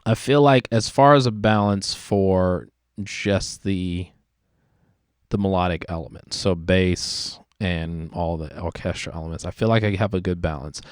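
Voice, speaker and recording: Low-voiced man teaching music production. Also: unhurried, smooth, no room sound. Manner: relaxed, explanatory, many fillers like kinda. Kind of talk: screen-recorded production tutorial.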